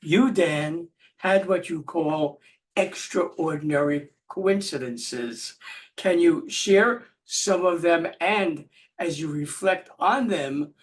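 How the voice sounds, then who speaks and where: A male host puts his questions in a measured, deliberate way. His voice sits somewhat high, and he speaks slowly, taking his time over each phrase. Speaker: interview host. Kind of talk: interview questions.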